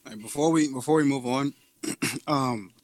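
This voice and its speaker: A man's voice: mid-range voice, moderate pace. A man co-hosting a music podcast, telling stories in a laid-back, chuckling way. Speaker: podcast co-host. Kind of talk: casual chat.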